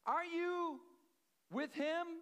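A man's voice: very high voice, drawn-out words, fairly bright tone, pitched above the performer's own voice, full character voice. A man preaching, voicing a nosy girl of about thirteen who asks pointed, accusing questions. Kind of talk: acted quote in a sermon.

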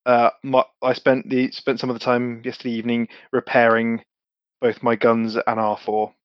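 A man playing a tabletop game casually, halting with restarts and laughter. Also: mid-range voice, monotone, smooth, no echo, highs cut off. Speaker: player.

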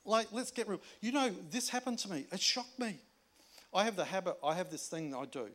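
A man preaching a sermon in a conversational way, moving between emphatic points and hushed asides. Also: high-pitched, lively intonation, brisk. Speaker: pastor.

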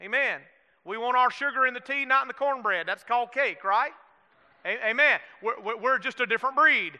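A man's voice: very high-pitched, brisk, sharp tone. A man with a Southern US accent preaching a sermon in a folksy way, calling for amens and asking the congregation questions. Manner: folksy, calls for amens, asks the room questions. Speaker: pastor. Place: church sanctuary. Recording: long hall reverb.

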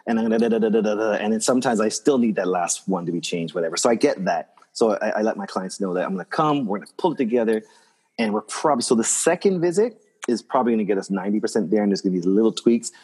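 Fast-talking husky man telling stories. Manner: animated storyteller, acts out quoted voices in a high pitch. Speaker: interior designer guest. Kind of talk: casual conversation.

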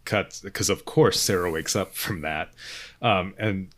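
A podcast co-host chats casually about movies, hedging and hesitant, restarting often. His deep, slightly bright voice moves at a measured pace.

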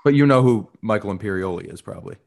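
A man's voice: lowish voice, animated, fast, vocal fry. A man chatting casually on a podcast, telling stories with swearing and laughter. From United States. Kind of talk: casual chat.

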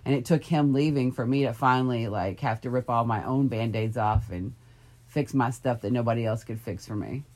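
Low-voiced woman in gentle heart-to-heart. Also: brisk. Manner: gentle, reflective, soothing. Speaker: friend sharing personal story. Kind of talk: casual heart-to-heart chat. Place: bedroom, in bed.

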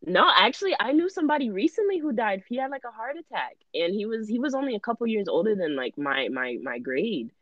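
A woman co-hosting a podcast in casual chat, talking in a relaxed, hedging way. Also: mid-range voice, quick pace, few pauses, no room sound. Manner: relaxed, hedging, many fillers. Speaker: podcast co-host. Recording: dry, slightly dull recording.

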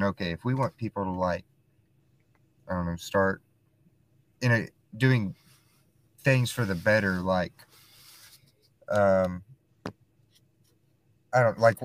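A young man in casual podcast chat, speaking haltingly and searching for his words. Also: on the low side.

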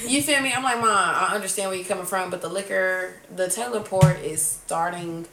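A woman's voice: medium pitch, fairly quick. Young woman in her 20s chatting on a podcast, cussing, acting out the drama, roomy sound, far off the mic, a bit of hiss. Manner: animated storyteller, swearing freely, acts out quoted outbursts. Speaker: podcast host. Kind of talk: casual chat. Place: room at a kitchen table.

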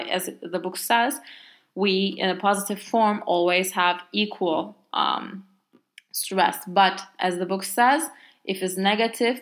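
A woman's voice: mid-range voice, fairly bright tone. A woman with a Turkish accent, a native Turkish speaker, explaining grammar in a casual language lesson with many fillers and exaggerated example words. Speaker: language teacher.

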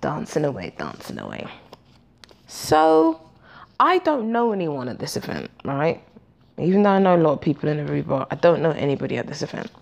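Low-voiced woman telling a story. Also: a little fast, gravelly. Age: 40s. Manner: animated, profane, acts out dialogue. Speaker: podcast host. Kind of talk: casual storytelling.

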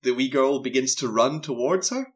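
A man's voice: mid-range voice, moderate pace. A man, co-hosting a casual film review chat and animatedly recapping scenes. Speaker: film podcast co-host.

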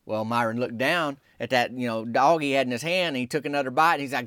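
A man, telling a folksy comic story in a drawling, deadpan small-town voice. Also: medium pitch, fast, hardly any pauses, dry recording, studio quality. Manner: drawling Southern-style rural dialect, deadpan storytelling. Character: small-town softball player telling his tale.

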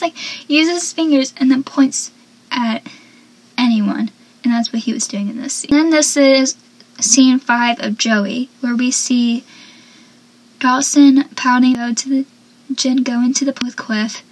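A young woman chatting casually as she recaps a TV episode, animated and laughing often. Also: high-pitched, slightly rough.

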